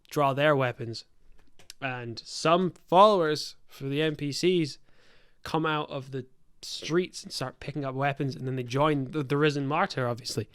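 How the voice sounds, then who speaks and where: A man's voice: medium pitch, clear, resonant tone, dry recording, studio quality. A young man hosting a podcast, rambling through a tabletop game story, swearing freely and stopping often to correct himself. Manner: rambling, profane storytelling with many self-corrections. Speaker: podcast host and game master. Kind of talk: casual podcast chat.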